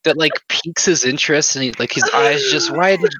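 A young man in his late twenties co-hosting a casual podcast, crude and quick to laugh. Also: on the high side, rough recording. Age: young adult. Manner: laughs a lot, crude and animated. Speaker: podcast co-host. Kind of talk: casual chat.

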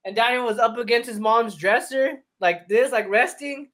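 A man's voice: very high voice, moderate pace. A young man, a podcast co-host, telling a profane, laughing story among friends. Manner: profane, laughing, animated retelling.

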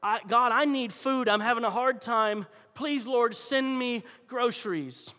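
A man voicing a bold, devout elderly woman who hollers her praise in drawn-out exclamations. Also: very high-pitched, bright, forceful tone, big-room sound, heavily acted. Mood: fervent.

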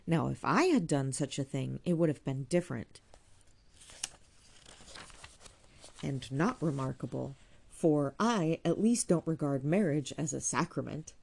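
A woman voicing a sharp, ironic young woman. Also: low-pitched, sing-song, moderate pace, creaky, full character voice. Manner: learned, cutting, then tearful. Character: young woman, clever, ironic, quick-tempered cousin.

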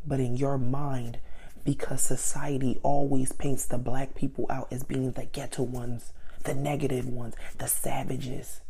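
Woman, low husky gravelly voice, candid personal storytelling with quoted voices. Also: level tone, unhurried, dark tone.

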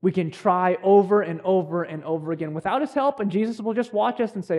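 A young man preaching a sermon as pastor, earnest and conversational, with pauses and restarts. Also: sits high, a little mellow.

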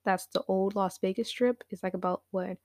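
A woman's voice: moderate pace, dry recording, studio quality. A woman casually telling a personal story, acting out what others said with big jumps in her voice. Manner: animated, acts out quotes with big pitch jumps, laughs now and then.

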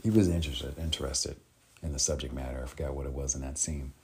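A man hosting a casual solo podcast, speaking haltingly with many pauses and restarts. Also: extremely low pitch, fairly even intonation, vocal fry, husky. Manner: halting, full of ums and restarts. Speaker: podcast host.

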